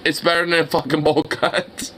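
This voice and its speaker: A young man reacting to videos, excitable and exclamatory, laughing and swearing often. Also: on the high side, normal speed.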